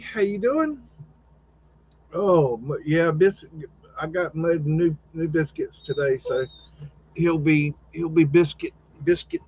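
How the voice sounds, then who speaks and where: A man hosting a live stream in casual chat, rambling and halting with lots of fillers and restarts. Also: on the high side. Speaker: livestream podcast host. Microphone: home computer setup with webcam. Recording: dull lo-fi stream audio.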